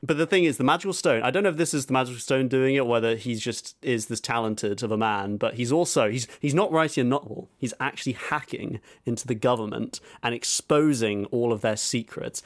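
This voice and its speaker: A man's voice: mid-range voice, fairly quick, few pauses. A man hosting a podcast, retelling a film in casual chat, rambling and laughing as he goes. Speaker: podcast host.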